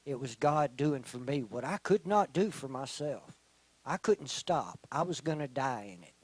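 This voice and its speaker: A middle-aged man giving a personal testimony in church, telling his story slowly and earnestly, often dropping to a quiet voice. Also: mid-range voice, expressive, husky, poor audio. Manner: slow, earnest storytelling with quiet, soft-spoken stretches. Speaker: testimony speaker.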